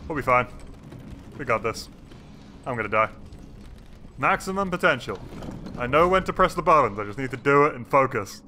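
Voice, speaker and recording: A man streaming gameplay, excitable and swearing often while chatting to the characters on screen. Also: mid-range voice, normal speed, pauses often, slight background noise. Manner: excitable, swears a lot, talks to game characters. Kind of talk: live gameplay commentary.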